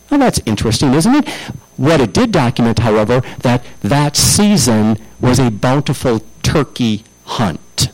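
A man's voice: mid-range voice, low-quality recording. A male pastor preaching a sermon, telling stories and often restarting and repeating words.

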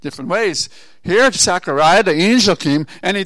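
A man preaching a sermon, telling a Bible story with asides and rhetorical questions, moving from low murmurs to loud exhortation. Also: lively intonation, moderate pace, no echo. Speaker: pastor.

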